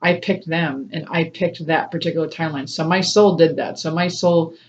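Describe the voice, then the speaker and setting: A woman's voice: sits low, steady tone, moderate pace, a little hiss or hum. A woman tarot reader talking in a casual, rambling way, laughing often between phrases. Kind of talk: casual spiritual reading to camera. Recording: slightly dull lo-fi sound.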